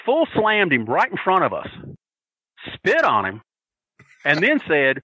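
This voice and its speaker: Loud guy telling a wild story, bright voice, all over the place in pitch. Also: wildly swooping pitch, unhurried, slightly rough, dry recording, poor audio. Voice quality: loud and boisterous, profane. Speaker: regular segment contributor. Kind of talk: loud storytelling, casual chat.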